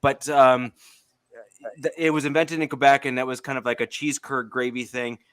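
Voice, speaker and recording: Male podcast co-host with a bright, sharp tone and a dry close sound; talks in long rambling explanations. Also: medium pitch, little pitch movement, normal speed, smooth, no room sound. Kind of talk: casual sports podcast chat.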